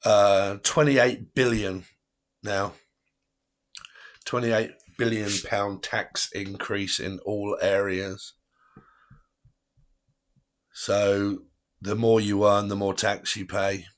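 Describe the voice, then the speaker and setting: On his tarot livestream, this man talks with viewers in a fairly low voice with a level tone. The conversation is casual and rambling, and he laughs frequently.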